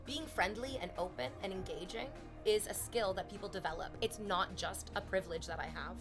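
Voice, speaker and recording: A young woman streamer chatting openly with her viewers, swearing freely and laughing loudly. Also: mid-range voice, fairly quick, few pauses, over music. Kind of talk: casual chat with stream chat.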